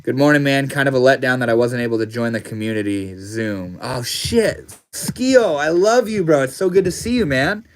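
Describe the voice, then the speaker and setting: A man's voice: mid-range voice, lively intonation, normal speed, few pauses. A man hosting a casual livestream, reading viewer comments aloud and answering them in a laid-back, slangy way. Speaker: livestream host.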